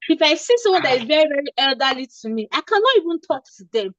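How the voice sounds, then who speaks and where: A woman's voice: high-pitched, very animated, quick pace, muffled recording, noisy background. A woman from Nigeria giving informal interview advice to nurses, emphatic and repeating her points with frequent "okay?" checks. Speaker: career coach for nurses.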